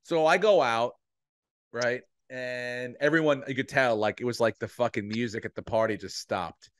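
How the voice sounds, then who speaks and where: A middle-aged man spins a lively anecdote on a podcast, swearing casually and slipping into the voices of the people in his story. His voice sits at an ordinary pitch, and the recording is close and dry with no room sound. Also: normal speed, no echo. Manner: animated, swears freely, acts out voices in anecdotes. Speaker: podcast co-host.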